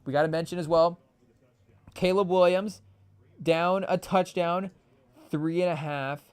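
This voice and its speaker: A man's voice: high voice, steady tone, a little slow, smooth. A young man hosting a live sports podcast in a casual, rambling way, often restarting his sentences and joking with his chat. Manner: rambling, self-interrupting, jokey. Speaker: podcast host.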